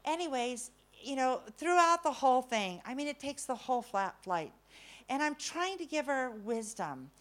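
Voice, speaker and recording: A middle-aged woman telling a funny personal story to an audience, animated and self-mocking, swinging from loud to hushed. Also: high-pitched, normal speed, a little hiss or hum.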